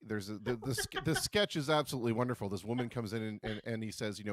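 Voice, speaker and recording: A man hosts a live stream, chatting casually and often restarting his sentences as he goes. His voice sits fairly low. The sound is dry and close, with no room around it. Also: sing-song, no room sound. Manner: chatty, halting, repeats words when starting. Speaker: host of a live stream show.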